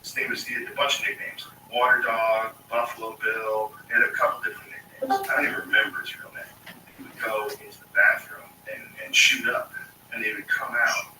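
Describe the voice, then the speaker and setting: A man's voice: on the low side, wildly swooping pitch, a little fast, reverberant, distant mic, noisy background. A man telling rambling stories in casual, profane talk, with many fillers. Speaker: storyteller. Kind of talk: casual anecdotal storytelling.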